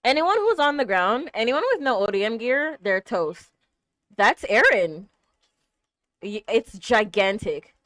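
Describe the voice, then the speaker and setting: Young woman gasping thru an anime reaction, pitch jumping all over, dry close sound. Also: very animated, measured pace, no echo. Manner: gasping, exclaiming, swinging from hushed to loud. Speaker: reaction streamer.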